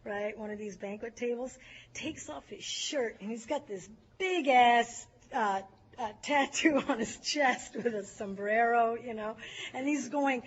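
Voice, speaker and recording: A woman from California telling a recovery story to a group, lively and often laughing as she acts out the people in it. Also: a little high, unhurried, breathy edge, highs cut off. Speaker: speaker sharing a recovery story.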